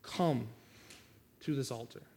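A man's voice: mid-range voice, slow, creaky, warm tone. A man pastor preaching a sermon and making an earnest, pleading altar call.

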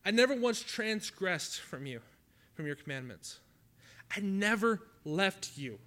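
A man playing a resentful older brother, a hardworking young man, pleading in an indignant voice with drawn-out emphasis. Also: sits high, big pitch swings, fairly bright tone, heavily acted.

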